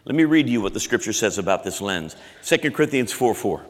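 A man preaching a sermon, swinging between loud emphatic lines and quiet low ones. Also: sing-song, fairly quick, few pauses, big-room sound. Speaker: pastor.

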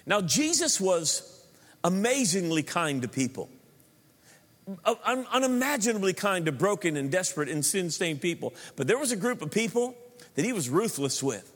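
A man with a high voice preaches a sermon, ringing out through a long-reverb church hall. He drives points home with emphatic repetition and breaks into joking asides. His delivery stays animated and punchy. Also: moderate pace. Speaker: pastor.

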